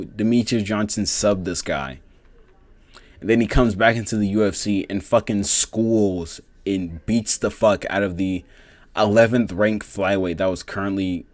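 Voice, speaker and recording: A man with a low-pitched voice talks through fight results in a loose, rambling way. He swears constantly and fills pauses with "um" and "you know". The sound is dry and close. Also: no echo. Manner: rambling, heavy swearing, many fillers. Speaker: MMA fight reviewer. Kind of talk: casual reaction commentary.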